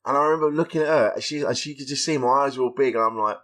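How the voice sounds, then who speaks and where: A man, a stand-up comedian guest on a podcast, telling stories in a lively way and acting out the voices of people he quotes. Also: medium pitch, fast talker, few pauses. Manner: animated storytelling, acts out quoted voices. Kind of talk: casual podcast interview.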